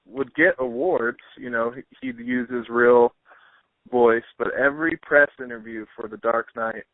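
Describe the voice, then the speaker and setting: A man's voice: mid-range voice, a little slow, no room sound. A man hosting a podcast, chatting in an easygoing way with lots of fillers. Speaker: podcast host. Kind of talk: casual interview chat. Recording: dry, tinny phone-like line.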